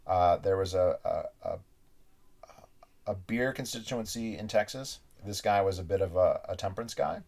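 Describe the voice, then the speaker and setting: Low-voiced man chatting through a book review. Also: a little mellow. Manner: chatty storyteller, retelling anecdotes with asides.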